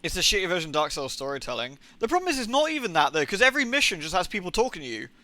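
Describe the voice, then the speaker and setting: Bright-voiced, profane male game streamer. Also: high-pitched, sing-song, racing. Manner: rambling and profane, incredulous rants. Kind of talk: casual live gaming stream chatter.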